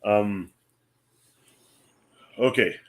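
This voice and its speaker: A man's voice: on the low side, drawn-out words, fairly bright tone. A man co-hosting a casual sports talk show, laid-back, thinking aloud with ums and frequent mm-hmms. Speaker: podcast co-host.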